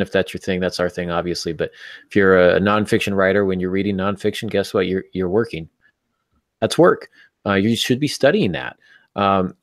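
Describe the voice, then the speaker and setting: Guy with a lowish voice hosting a writing podcast, punchy and emphatic, dry close sound. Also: no echo. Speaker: podcast host. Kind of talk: casual podcast chat about writing.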